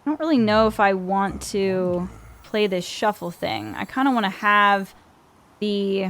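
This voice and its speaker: A woman's voice: medium pitch, sing-song, measured pace, fairly bright tone. A young woman streaming a card game in chatty, think-aloud commentary with frequent laughter. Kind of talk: casual gameplay commentary.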